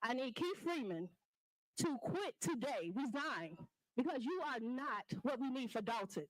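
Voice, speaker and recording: A woman's voice: sits high, big pitch swings, measured pace. A woman from the Chicago area giving an impassioned, accusing public comment at a town meeting, speaking into a podium microphone in a crowded hall. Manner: impassioned, accusing, addresses the mayor directly.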